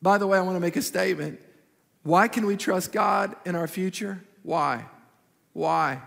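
High, gravelly, animated preaching man. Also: moderate pace. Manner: animated preaching, repeats phrases, acts out quotes. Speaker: pastor. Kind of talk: sermon. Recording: reverberant hall.

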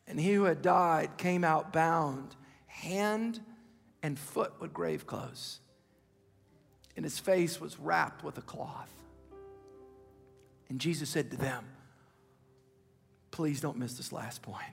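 A man in his fifties preaching a sermon with impassioned urgency, dropping at times to hushed, intimate asides. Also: fairly high pitch, a little slow, creaky, long pauses, husky, long reverb tail. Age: 50s. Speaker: pastor.

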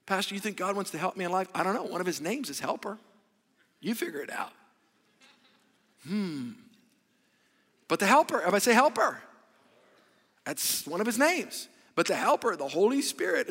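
A man preaching a sermon as pastor, animated and calling on the congregation to answer back. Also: sits high, moderate pace, gravelly, pauses often. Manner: animated, call-and-response with congregation. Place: large church hall. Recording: echoey church hall.

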